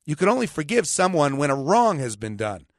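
A man's voice: a little high, very animated, fairly quick, no room sound, studio quality. A man, a pastor hosting a radio talk show, preaching in a combative, sarcastic way and quoting scripture with emphatic repetition.

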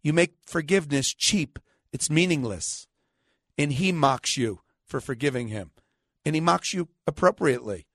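A middle-aged man, a pastor hosting a radio show, preaching argumentatively with sarcastic rhetorical questions and slow, stressed scripture quotes. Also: a little high, lively intonation, a bit bright, no echo, studio quality.

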